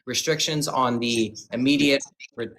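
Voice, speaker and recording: A man on a livestream debate panel who reads out sources haltingly and needles the guests. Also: mid-range voice, fairly even intonation, fairly bright tone, slight background noise, low-quality recording.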